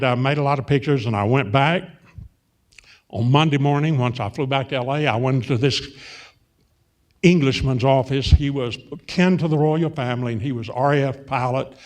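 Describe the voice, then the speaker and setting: An older man with an Arkansas drawl spins rambling stories for a crowd. He wanders, self-corrects, and fills gaps with "uh," in an unhurried folksy way. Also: medium pitch, darkish tone. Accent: Southern US, Arkansas. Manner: meandering, self-interrupting, folksy anecdotes with many fillers. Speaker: guest, film and TV producer. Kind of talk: rambling storytelling before a live audience. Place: on stage at a public event.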